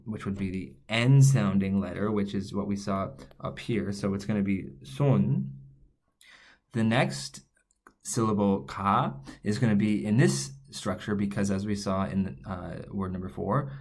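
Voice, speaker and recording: Guy with a lowish voice walking you through an online lesson, explains as he writes, easygoing. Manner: explains step by step, thinks aloud while writing. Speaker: language teacher. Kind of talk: recorded online lesson, writing on screen.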